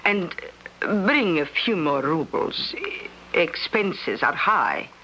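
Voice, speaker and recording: A woman's voice: fairly low pitch, very animated, slow pace, pushed and bright, lo-fi sound, slight background noise, exaggerated voice. An actress playing a greedy old female medium who haggles over money and pretends to be hard of hearing, in a 1970s radio drama. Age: older. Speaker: fortune-telling medium.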